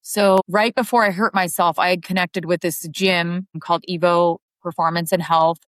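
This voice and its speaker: A woman's voice: fairly low pitch, steady tone, moderate pace, no room sound. A woman ultrarunner chatting casually as an interview guest, her speech full of "like" fillers. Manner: chatty, heavy use of "like" fillers.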